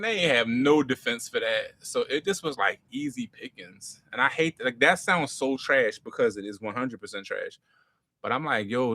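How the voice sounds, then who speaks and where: Man in his forties, creator telling stories in a Q&A; bright, punchy voice, slangy, swings from loud to hushed. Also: on the high side. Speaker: comedy writer and creator. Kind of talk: casual storytelling Q&A.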